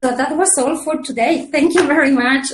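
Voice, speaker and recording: A woman's voice: high-pitched, fairly quick, music in the background. Woman presenting, echoey room. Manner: friendly, explanatory, with fillers. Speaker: hotel brand presenter. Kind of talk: business presentation.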